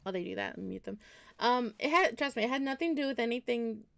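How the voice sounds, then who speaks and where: Gravelly-voiced woman streamer chatting. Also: fairly high pitch, lively intonation, quick pace, fairly bright tone. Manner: rambling, self-correcting, reassuring. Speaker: game streamer. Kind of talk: casual chat to stream viewers while gaming.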